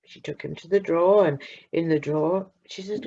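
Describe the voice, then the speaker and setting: A woman narrating a children's story in a slow, expressive way with dramatic pauses. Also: on the low side. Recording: muffled lo-fi recording.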